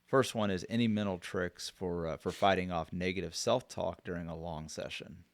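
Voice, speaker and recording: Deep, gravelly male co-host, easygoing, in a dry close-mic podcast recording. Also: normal speed, dry recording. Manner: relaxed, easy laughter, asks questions. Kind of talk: casual podcast chat.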